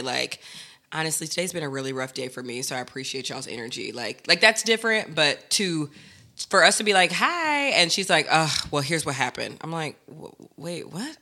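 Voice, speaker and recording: A woman co-hosting a casual podcast with her partner, animated, acting out quotes and laughing often. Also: deep voice. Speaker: podcast co-host.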